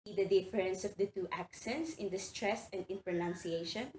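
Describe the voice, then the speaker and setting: A woman's voice: mid-range voice, normal speed, darkish tone. A woman teaching a recorded reading lesson, carefully saying words aloud for students to repeat. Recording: roomy echo, faint background noise.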